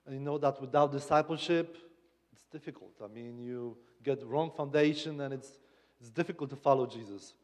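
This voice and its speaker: A man from Poland with a Polish accent, preaching as a guest speaker in a humorous, halting way with many restarts. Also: mid-range voice, darkish tone, big-room sound. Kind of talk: sermon. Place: church sanctuary.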